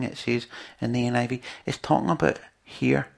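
Man, preacher, sermon, gravelly voice, husky tone, chatty and earnest. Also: mid-range voice, brisk, few pauses. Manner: earnest, conversational preaching with rhetorical questions.

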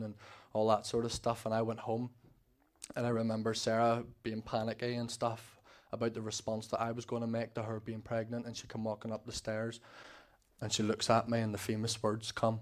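A man's voice: lowish voice, completely flat delivery, fairly quick. A man giving a rambling, earnest personal testimony and acting out remembered conversations.

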